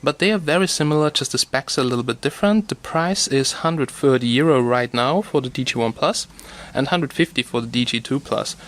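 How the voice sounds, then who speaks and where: رجل يتحدث بعفوية في فيديو فتح صندوق. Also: male voice, mid-range voice, a little fast, fairly bright tone. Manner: chatty, loose, thinks aloud with fillers. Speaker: tech video host. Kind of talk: casual unboxing talk.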